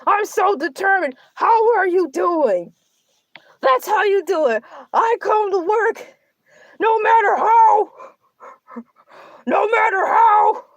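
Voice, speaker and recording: A woman goes full character voice, very high-pitched and slow with long pauses, as a bragging, self-pitying male shark who runs a comic livestream. He's determined while he meanders through theatrical grievances, and the audio has no room sound.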